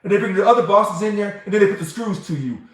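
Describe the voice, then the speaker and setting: A man's voice: sits high, animated, fast talker. A man hosting a livestream and answering viewer comments in an emphatic, heated way. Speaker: livestream host. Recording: very echoey room.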